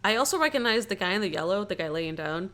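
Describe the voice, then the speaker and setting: Young female podcast co-host, animated and giggly, fills her talk with "like", mid pitch. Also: fast. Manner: animated, laughs often, frequent "like" fillers. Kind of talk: casual chat reviewing a movie.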